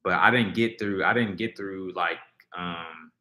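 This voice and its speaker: A lowish male voice with a bright, forward edge, talking loosely to his live audience. He wanders through thoughts, leaning on fillers and restarting sentences. The sound bounces around a roomy space. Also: unhurried. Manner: rambling, filler-heavy, frequent restarts. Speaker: livestream host reacting to music. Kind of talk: casual livestream chat, reading viewer comments. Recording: roomy echo.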